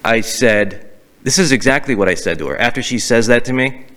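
A man's voice: medium pitch, fairly quick. Chatty male podcast host. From Massachusetts. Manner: animated storytelling, mimics accents. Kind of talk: casual podcast chat.

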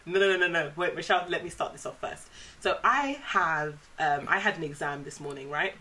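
A woman co-hosting a podcast, chatting casually and telling animated stories with bursts of laughter. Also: on the low side, a little fast. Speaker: podcast co-host. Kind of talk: casual chat.

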